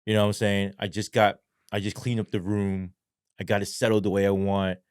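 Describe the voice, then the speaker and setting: A man with a somewhat low voice tells a story as a podcast guest, loose and profane, full of slang and fillers. He talks in a dry, close sound with no room echo. His delivery rambles and leans on street talk. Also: a little fast, smooth. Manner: animated, acts out quoted voices. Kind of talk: casual storytelling in a podcast interview.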